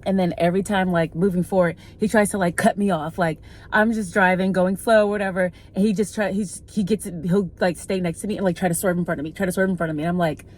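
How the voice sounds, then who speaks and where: In her vlog, a thirty-something woman from the American Midwest talks casually to camera, telling a story full of "like" fillers. She speaks fast with few pauses, in a low, steady, slightly mellow voice.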